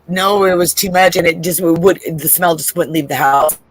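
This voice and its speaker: This co-host's voice sits on the low side with a breathy edge, and she speaks at a moderate pace. Playing a trivia game over a video call, she swears freely, rambles, and laughs while telling stories in casual chat.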